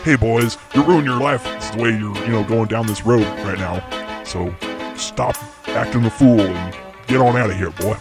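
A man's voice: lowish voice, moderate pace, music in the background, pitched below the performer's own voice, natural voice. A man putting on the voice of a stern Southern cop giving some boys a drawling, scolding pep talk.

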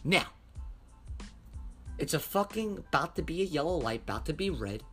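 A man telling a personal story in a casual, heavily profane and animated way. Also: fairly high pitch, normal speed, soft background music. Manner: animated, heavy cursing.

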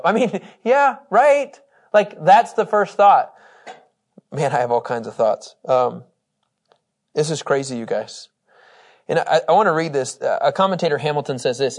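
Guy teaching a bible study, kinda high voice, chatty and animated, laughs a lot. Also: moderate pace. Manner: animated, conversational, laughs often; reads scripture aloud with emphasis.

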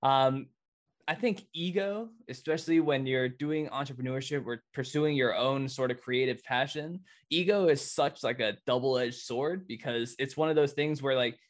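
A man hosting a podcast, relaxed and conversational, full of "dude" and "like". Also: medium pitch, moderate pace. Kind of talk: casual chat.

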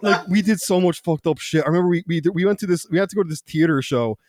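A young man tells rowdy school stories on a podcast, swearing freely and breaking into laughter. His voice sits fairly high for a man, and the sound is dry and close, with no room around it. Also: quick pace, darkish tone, no room sound. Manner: profane, laughing, quotes people in put-on voices. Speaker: podcast co-host. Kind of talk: casual storytelling.

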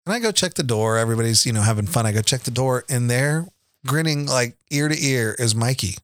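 A middle-aged man chats at an even, mid-range pitch, circling back and restarting his sentences as he tells family stories. He laughs easily between thoughts. The sound is dry and close, with no room around it. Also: a little fast, no echo. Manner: rambling, laughs often, many restarts. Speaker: podcast co-host, father. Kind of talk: casual storytelling chat.

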